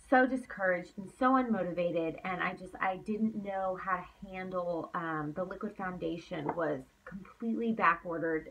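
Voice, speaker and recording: A woman's voice: medium pitch, fairly bright tone, far from the mic, low-quality recording. Emphatic woman coaching her team. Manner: emphatic, repeats herself for effect. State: tired, yawning late at night. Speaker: team leader. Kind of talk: motivational coaching talk.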